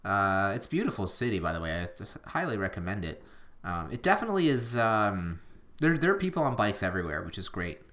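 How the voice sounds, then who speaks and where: A man's voice: fairly low pitch, sing-song, quick pace, fairly bright tone. A man co-hosting a podcast, chatting casually in a rambling, self-deprecating way with lots of fillers. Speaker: podcast co-host. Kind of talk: casual chat.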